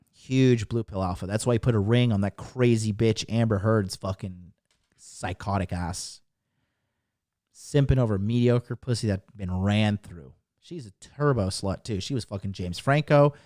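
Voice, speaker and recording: A man's voice: fairly low pitch, normal speed, darkish tone, dry recording, studio quality. A man in his thirties hosting a podcast, talking in a brash, profane, emphatic monologue. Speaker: podcast host.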